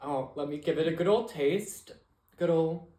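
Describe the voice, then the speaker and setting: Animated campy man in an echoey room. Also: on the high side, normal speed. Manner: animated and campy, with playful slang. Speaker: podcast co-host. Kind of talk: casual chat. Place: room at home, with the co-host across a coffee table.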